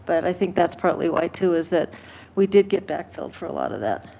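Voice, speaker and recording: Woman, board member, earnest, measured, public meeting, dull lo-fi sound. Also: lowish voice, lively intonation, creaky.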